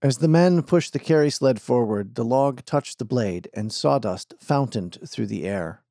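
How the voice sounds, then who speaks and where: A man narrating an audiobook in a measured, even storytelling manner. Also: medium pitch, gravelly, no echo, studio quality. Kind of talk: scripted narration.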